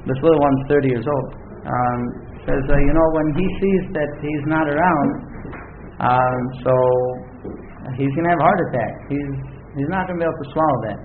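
A man's voice: on the high side, normal speed. A man teaching a weekly Bible portion, retelling the story and speaking its characters' lines in casual paraphrase. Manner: frequent "uh" fillers and restarts. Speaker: Torah teacher. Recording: echoey, phone-like, faint background noise.

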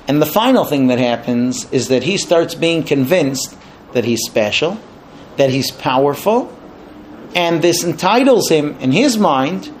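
High-voiced man telling a sermon story. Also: a little hiss or hum. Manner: animated, lively storytelling.

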